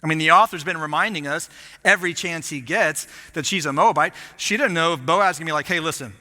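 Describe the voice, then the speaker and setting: A lead pastor tells a story from the pulpit in an animated, self-mocking way. His voice sits high and very bright, with real force behind it. The sound carries the long reverb of a church auditorium. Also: fast talker. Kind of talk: storytelling sermon.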